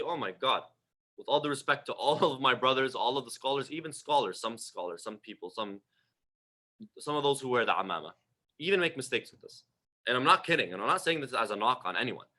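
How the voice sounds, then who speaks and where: A man's voice: medium pitch, bright, forceful tone. A man giving a livestreamed religious talk in a conversational, emphatic way, asking the audience questions, repeating phrases and letting his voice trail off at the end of phrases. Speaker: religious lecturer.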